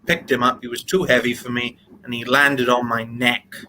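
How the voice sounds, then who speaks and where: A man from Wales, a guest on a casual live stream, talking in a halting way with many restarts and slightly formal phrasing. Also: medium pitch, little pitch movement, pushed and bright, a little hiss or hum, poor audio.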